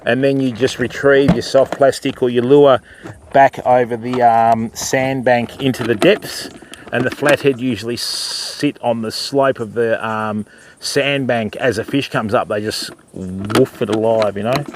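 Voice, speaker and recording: A man's voice: mid-range voice, steady tone, measured pace, noisy background. An older Australian man chatting casually on a riverside fishing livestream, answering viewers and calling them mate and bud. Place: outdoors by a river.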